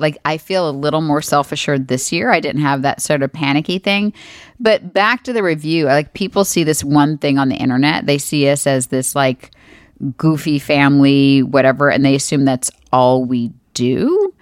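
Woman, 40s, podcast co-host; low-pitched, chatty, animated storyteller, dry close sound. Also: normal speed, no echo. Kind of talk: casual chat.

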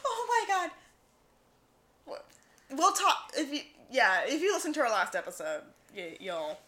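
Animated bright-voiced woman podcaster. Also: high-pitched, measured pace. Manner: animated storytelling, quotes others in voices. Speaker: podcast co-host. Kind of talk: casual chat.

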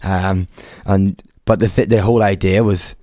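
A man's voice: sits low, fairly even intonation, moderate pace, warm tone, dry recording, studio quality. A man hosting a podcast, chatting casually and swearing freely with lots of laughter. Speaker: podcast host. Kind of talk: casual chat.

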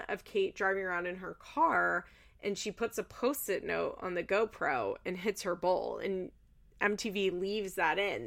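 A woman's voice: medium pitch, gravelly. A woman host chatting casually in a recap, chatty and loose with fillers and the odd swear word.

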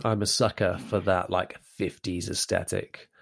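A man's voice: low voice, flat delivery, moderate pace, gravelly. A man hosting a casual podcast interview, enthusiastic and chatty, laughing often and rambling into his questions. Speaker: podcast host.

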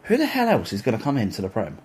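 A man's voice: on the low side, huge pitch swings, fast, darkish tone, a little hiss or hum. A man co-hosting a football podcast, chatting casually with laughing, sweary banter. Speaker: podcast co-host. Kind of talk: casual chat.

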